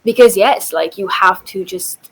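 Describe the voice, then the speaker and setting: A woman's voice: medium pitch, moderate pace, gravelly, low-quality recording. A woman from Romania, a podcast guest talking casually, with lots of fillers and restarts. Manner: chatty, many fillers and restarts. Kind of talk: casual chat.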